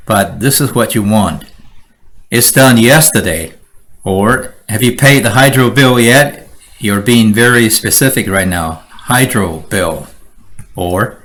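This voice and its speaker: A man teaching a lesson on word choice from slides, measured, acting out short example phrases. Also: mid-range voice, fairly bright tone. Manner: slow, measured, acts out example lines. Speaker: instructor.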